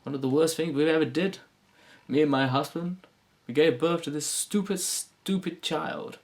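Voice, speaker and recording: A fed-up, shrill middle-aged mum, put on by a male comedian, wailing about her son in a raised, whiny register. She complains theatrically and sounds exasperated. The voice is pitched well above his own. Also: steady tone, normal speed, lightly acted.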